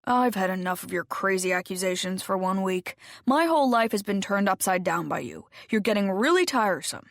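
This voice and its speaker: A woman's voice: mid-range voice, lively intonation, brisk, creaky, few pauses, dry recording, clean studio sound. A woman voicing a mocking, smug husband. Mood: dismissive. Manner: mocking, dismissive. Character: smug, dismissive husband, a man.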